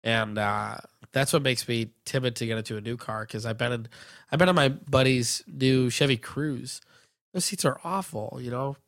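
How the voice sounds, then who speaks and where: A man's voice: mid-range voice, normal speed, creaky, fairly bright tone, no room sound, clean studio sound. Blunt, teasing man on a podcast. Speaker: podcast co-host. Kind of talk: casual chat.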